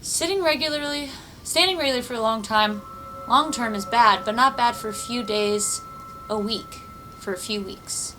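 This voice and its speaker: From her apartment room, a woman streams a video game, chatting casually, laughing often, and swearing freely as she thinks aloud. Her voice is a little high at a moderate pace. Music plays in the background of the low-quality recording.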